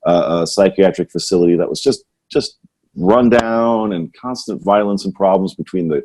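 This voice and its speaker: Low husky man musing. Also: moderate pace, a little mellow. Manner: rambling, musing, repeats "right?". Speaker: podcast host. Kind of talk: casual conversational chat.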